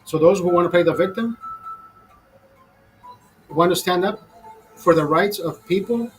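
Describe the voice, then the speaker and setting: A man's voice: high-pitched, unhurried, soft background music, rough recording. A man ranting casually to his viewers over a beer, profane and fired up, calling them brother. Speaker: host.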